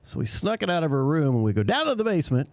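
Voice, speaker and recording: A man's voice: fairly high pitch, very fast, a little hiss or hum. A man co-hosting a radio show, telling a childhood story in a casual chat and laughing often as he goes. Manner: laughs often while telling stories, animated. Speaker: co-host. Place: radio studio.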